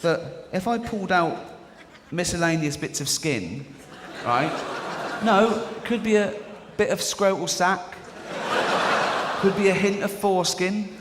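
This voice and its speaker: Performing stand-up in a big venue, a middle-aged English comedian keeps things conversational and regularly checks in with the audience. His voice sits high and runs a little slow; the hall is reverberant and the audience is audible.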